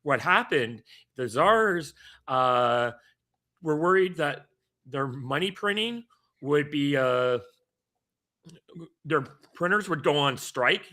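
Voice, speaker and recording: A man who is a guest on a casual livestream chat, quick to agree and eager to add his own points. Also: fairly high pitch, pushed and bright.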